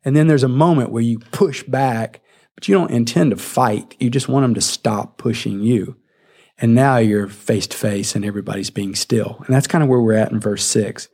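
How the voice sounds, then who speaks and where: A man's voice: medium pitch, moderate pace, husky. Male preacher, mid-range voice, vivid storyteller retelling scripture. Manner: animated storytelling, acting out the scene. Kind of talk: sermon.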